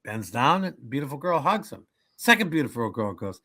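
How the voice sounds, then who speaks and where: Chatting as an interview guest, a man in his seventies with a bright, forceful, medium-pitched voice moves at a moderate pace through his stories. He delivers the jokes with animation and does little voices for the people involved.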